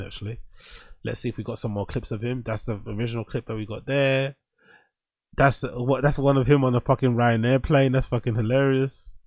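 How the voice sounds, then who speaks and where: A man's voice: medium pitch, dry recording. Blunt, foul-mouthed male host, dry sound. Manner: blunt, heavy swearing, animated mocking. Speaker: show host. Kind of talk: casual commentary reacting to clips.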